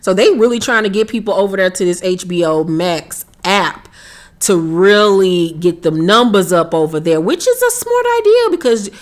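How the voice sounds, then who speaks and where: A woman vlogger chatting casually to camera, excited and talkative, repeating herself for emphasis. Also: fairly low pitch, moderate pace. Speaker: YouTube vlogger.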